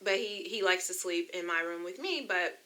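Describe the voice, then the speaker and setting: Addressing her audience as "you guys," an American vlogger in her young adulthood shares a personal testimony, chatty and full of emotion. She speaks at a normal pace in a lowish voice that sounds pushed and bright.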